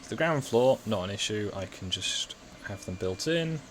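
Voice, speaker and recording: A man with an English Midlands accent talks through his building plans in a low, easygoing voice. He rambles, corrects himself and mocks his own mistakes. Faint background hiss and keyboard clicks sit under his voice. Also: expressive, moderate pace, a bit bright. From England, West Midlands. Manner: rambling, self-mocking, thinks aloud while building. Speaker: gaming video host. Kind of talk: casual gameplay chat.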